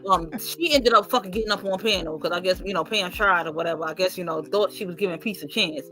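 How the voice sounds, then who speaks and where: Brash, animated woman gossiping. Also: on the low side, fast. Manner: animated, profane, mimics others' voices. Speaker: host. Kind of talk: casual gossip commentary.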